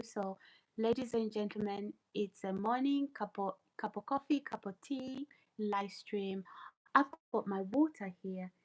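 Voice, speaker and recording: A woman's voice: medium pitch, poor audio. A woman hosting a casual morning live stream, repeating greetings and reading out viewer comments. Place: home, early morning.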